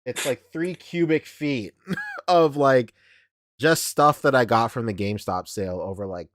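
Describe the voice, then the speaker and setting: A man chats loosely on a podcast, swearing and laughing as he jokes. His pitch bounces up and down a lot. The sound is close and dry. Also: wildly swooping pitch, measured pace, a bit bright, no echo. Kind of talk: casual chat.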